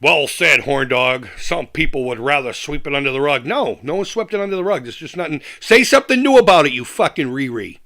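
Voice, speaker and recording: A man's voice: medium pitch, brisk, hardly any pauses, sharp tone. A middle-aged man hosting a live chat stream, reading comments aloud and ranting with heavy profanity and frequent laughs. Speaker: livestream host.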